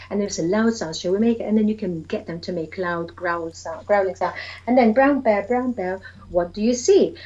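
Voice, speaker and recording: A woman's voice: medium pitch, a little mellow, highs cut off. A woman early years educator chatting eagerly about reading to young children, acting out story voices and sounds.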